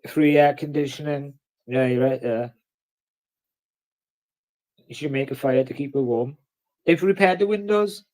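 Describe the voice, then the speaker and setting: A man's voice: medium pitch, a little slow, pauses often, darkish tone. A man hosting a casual livestream, ranting and swearing in between jokes. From Wales. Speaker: livestream host.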